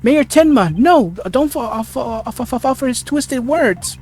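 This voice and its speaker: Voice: high-pitched, steady tone, normal speed, a little mellow, soft background music, pitched above the performer's own voice. A reader voicing a frantic young female defense attorney in a let's play, pleading urgently and stumbling over the words. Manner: stammers over the lines. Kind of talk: let's play dialogue reading.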